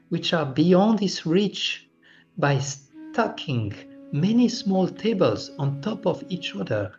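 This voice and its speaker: A man reading aloud gives the long complaint of exasperated village women in his own steady voice. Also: sits high, exaggerated voice. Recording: dull lo-fi recording with faint music.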